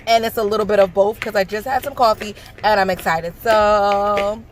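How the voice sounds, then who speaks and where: A woman from the Bronx, loudly and gushingly unboxing a nail kit in a sing-songy voice. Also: mid-range voice, fast, slight background noise. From the Bronx, New York. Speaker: nail beauty vlogger. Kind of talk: excited product unboxing.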